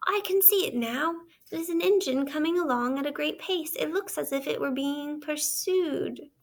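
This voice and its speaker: A woman voicing a kindly but stern male train engine driver who talks in a steady, plainspoken way. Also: high-pitched, moderate pace, pitched above the performer's own voice. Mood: alarmed.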